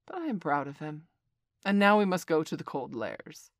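A proud male panther speaks firmly and briskly, voiced by a woman reading a storybook. The voice sits fairly low. The recording is dry. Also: animated, dry recording. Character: proud male black panther, quick and commanding.

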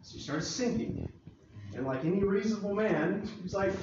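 A man's voice: high-pitched, expressive, normal speed, a little mellow, a little hiss or hum. A man preaching a casual sermon to a live audience, joking and acting out Bible scenes. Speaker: pastor. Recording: far-off echoey hall, dull sound.

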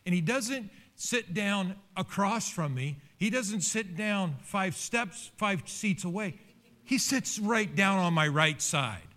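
Animated middle-aged man preaching a sermon. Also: slow. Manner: animated preaching with pitch leaps and personal storytelling. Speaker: pastor.

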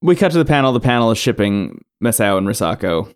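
A man with a fairly low voice talks through a recap in casual, rambling podcast chat. He is relaxed and chatty and often slips into quoting what people said. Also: fast, clean tone. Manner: relaxed, chatty, recounts scenes with acted quotes. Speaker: podcast co-host.

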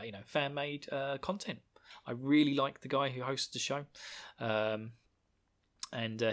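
A man's voice: medium pitch, fairly bright tone. A man from the UK, hosting a podcast in rambling casual chat and laughing at his own jokes. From United Kingdom. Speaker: podcast host.

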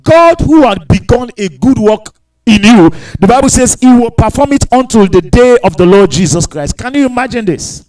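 A man preaching a sermon in a very high, lively voice that swings widely in pitch. He stacks repeated phrases and throws rhetorical questions at his congregation. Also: normal speed, poor audio. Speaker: pastor.

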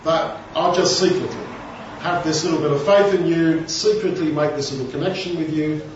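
This preacher's voice is a little high and moves at a moderate pace as he delivers a casual Bible teaching full of rambling tangents. A slight hiss or hum runs under the audio, which sounds dull and distant in an echoey room.

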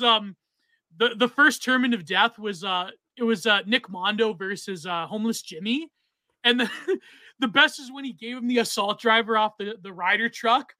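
High, bright-voiced man chatting on stream. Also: moderate pace, dry recording. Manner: rambling, many fillers and restarts. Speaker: podcast co-host. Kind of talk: casual chat on a livestream.

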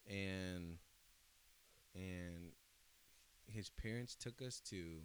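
Young dude, kinda low voice, chatty and animated, faint hiss on the mic. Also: male voice, very slow. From California. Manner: animated storyteller, laughs often, swings loud and soft. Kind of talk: casual chat.

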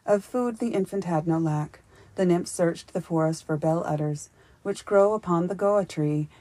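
A woman reading a children's fairy-tale audiobook aloud in a gentle, unhurried storybook narration. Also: fairly low pitch, dry recording. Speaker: audiobook reader.

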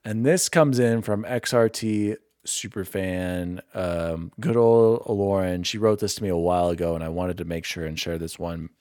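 A young man hosting a casual gaming podcast, openly sentimental and quick to laugh at himself. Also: deep voice, fairly even intonation, darkish tone, dry recording, studio quality. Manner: emotional, self-deprecating, quick to laugh. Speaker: podcast host.

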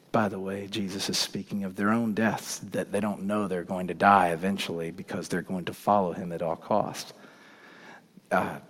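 A man preaching a sermon as pastor. His delivery is dynamic, swinging from hushed to emphatic. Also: deep voice. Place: church sanctuary. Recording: long reverb of a large church hall.

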